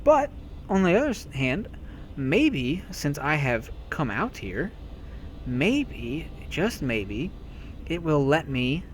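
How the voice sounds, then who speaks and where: A man's voice: on the high side, very animated, slow pace, slight background noise. A man giving a playful, sarcastic voice-over commentary on a video game. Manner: sarcastic, self-mocking, playful. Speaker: let's-play commentator.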